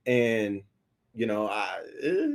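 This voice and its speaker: Profane, animated male show reviewer. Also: takes it slowly. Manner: animated, profane, talks back to viewers' comments; acts out quoted lines in a higher, louder voice. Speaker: reality TV reviewer. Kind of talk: casual commentary.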